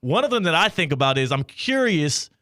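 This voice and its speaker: A man's voice: on the high side, big pitch swings, a little fast, sharp tone, no echo, studio quality. A man hosting a sports radio show, asking questions in a playful, teasing way. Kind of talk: casual sports radio interview.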